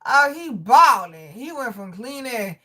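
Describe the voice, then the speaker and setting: Bright, animated woman on a livestream. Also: high-pitched, a little slow. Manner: animated, profane, frequent laughter, addresses viewers. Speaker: livestream host reading chat. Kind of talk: casual livestream chat.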